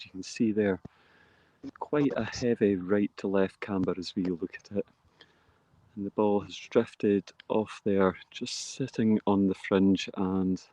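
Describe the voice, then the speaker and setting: A man giving live play-by-play commentary outdoors on a golf course, steady and descriptive, lifting on big shots. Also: lowish voice, no room sound.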